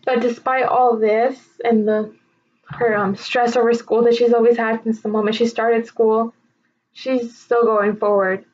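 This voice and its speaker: A young woman giving a recorded tribute speech about her sister, emotional and halting as she holds back tears. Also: fairly high pitch, flat delivery, darkish tone. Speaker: speaker honoring her sister. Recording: slightly dull lo-fi recording.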